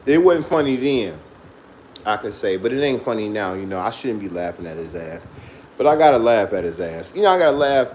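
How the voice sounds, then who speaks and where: A man's voice: lowish voice, expressive, brisk, a little mellow, a little hiss or hum, rough recording. A man casually telling a profane childhood story, laughing often as he goes. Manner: loose, profane, laughs through his story.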